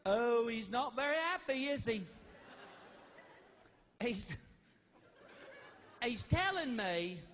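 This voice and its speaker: A man voicing a woman pet psychic who talks in a soft, knowing, sing-song way. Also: extremely high pitch, big pitch swings, slow pace, long pauses, long reverb tail, a little hiss or hum, full character voice. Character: woman pet psychic, soothing and self-assured.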